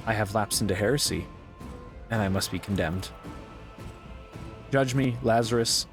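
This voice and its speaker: A man's voice: lowish voice, natural voice. A man reading aloud the lines of a zealous female rogue trader who judges harshly, over faint game music.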